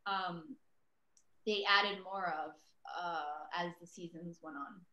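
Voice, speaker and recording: A woman's voice: fairly low pitch, fairly even intonation, slow, bright, forceful tone, muffled recording. A woman in her thirties, a voice actress guest, chatting casually over a video call with lots of fillers and self-deprecating asides. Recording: roomy echo.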